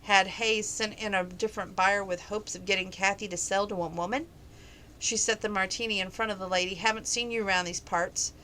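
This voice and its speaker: Woman reader, casual novel read-aloud, bright tone, trips and corrects herself. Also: medium pitch, steady tone, brisk, slight background noise, low-quality recording. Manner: casual reading with slips and self-corrections.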